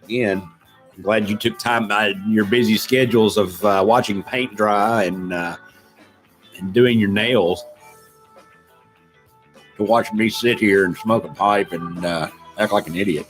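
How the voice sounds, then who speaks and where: A man's voice: lowish voice, a little slow, long pauses, faint music behind. A middle-aged man, hosting a casual live stream, rambling and self-deprecating as he greets viewers in the chat. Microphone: desk microphone.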